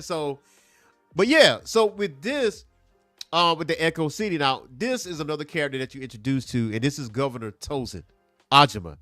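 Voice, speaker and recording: Man, casual comic review, higher voice, very expressive, repeats himself for emphasis. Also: no room sound, clean studio sound. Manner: animated, emphatic, repeats points for effect. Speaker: comic book show host.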